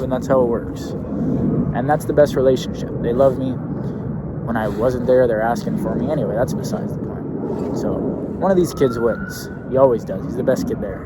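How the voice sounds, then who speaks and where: A man's voice: mid-range voice, heavy background noise. A young man, a youth basketball coach, telling a story in a brash, profane, swaggering way. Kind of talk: casual storytelling rant.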